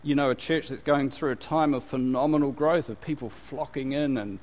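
A man's voice: mid-range voice, moderate pace, darkish tone. A male pastor giving a conversational sermon, full of fillers and restarts. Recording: long hall reverb.

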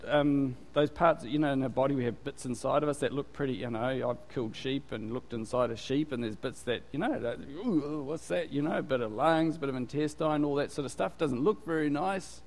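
Chatty preacher in a reverberant hall. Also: male voice, mid-range voice, a little fast, hardly any pauses. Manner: chatty, quizzes the congregation. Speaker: pastor. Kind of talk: conversational sermon. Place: church.

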